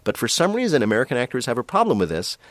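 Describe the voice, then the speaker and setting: A man co-hosting a casual chat, telling stories in an animated way and laughing often. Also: mid-range voice, very fast, dry recording. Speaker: podcast co-host.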